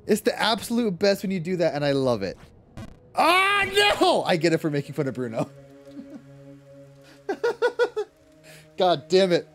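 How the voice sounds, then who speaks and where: An Irish man with a slightly high, very lively voice, chatting on a game livestream. He laughs a lot and swears at the game between chat replies. Soft music plays underneath. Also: measured pace, long pauses. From Ireland. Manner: animated, laughing often, cursing at the game. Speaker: streamer. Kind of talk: casual gaming livestream chat.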